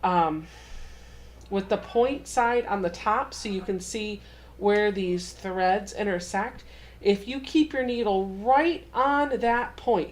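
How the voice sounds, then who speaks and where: A young adult woman hosting a casual home sewing tutorial, chatty and self-deprecating as she walks through each step. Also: mid-range voice. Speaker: quilting channel host.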